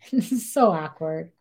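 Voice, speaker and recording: Young female podcast host, casual, lower pitch, animated retelling with acted quotes. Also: husky. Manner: animated, acts out quotes in dialogue, says "like" a lot. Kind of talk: casual true-crime storytelling.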